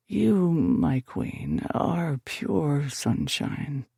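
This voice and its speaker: A woman narrator plays a bossy, teasing young man in a romance audiobook. He talks slowly and playfully, a touch deeper than her normal voice, with a gravelly grain. The sound is close and dry. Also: expressive, warm tone, no room sound, full character voice. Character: teasing, bossy young male best friend.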